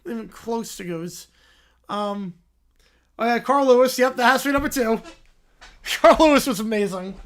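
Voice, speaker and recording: A man hosting a livestream, reacting aloud in casual chat and thanking viewers. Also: very high voice. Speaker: livestream host.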